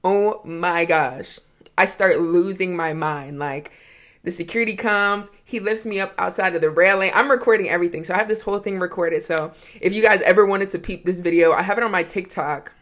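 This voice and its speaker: A young woman from Georgia tells a story on her podcast, speaking from her home office in a chatty, excitable way. Her voice sits fairly low for a woman. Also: fairly quick. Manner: chatty, excitable, many "like" fillers. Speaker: podcast host. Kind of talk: casual storytelling monologue.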